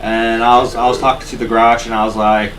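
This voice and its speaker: A man co-hosting a podcast, telling a story in casual chat, animated and swearing often. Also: mid-range voice, brisk. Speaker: podcast co-host. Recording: distant mic with faint noise.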